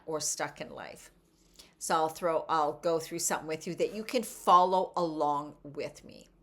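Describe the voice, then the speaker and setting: Middle-aged female wellness coach, fairly low voice, relaxed encouraging teacher who keeps checking in. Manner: conversational, encouraging, checks in with "right?". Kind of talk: casual guided teaching.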